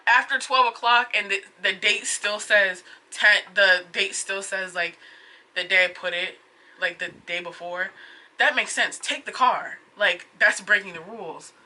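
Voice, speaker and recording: A woman's voice: mid-range voice, measured pace. A young woman vlogger recounting a frustrating run-in in a casual, exasperated way, full of "like"s. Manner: exasperated, animated retelling with many "like"s. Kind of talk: casual storytelling vlog.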